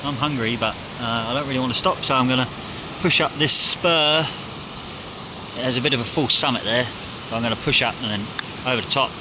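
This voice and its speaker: Climbing a mountain outdoors, a Kiwi hunting vlogger chats to his phone camera in a casual vlog, out of breath, dehydrated, and swearing heavily as he rambles in frustration. His medium-pitched voice stays steady, he talks very fast, and there's background noise.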